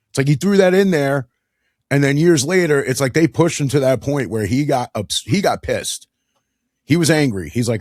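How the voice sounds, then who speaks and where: A man's voice: fairly high pitch, very animated, moderate pace, darkish tone, no echo, studio quality. A man hosting a casual monologue show, talking with enthusiasm in a chatty way and laughing often. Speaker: podcast host.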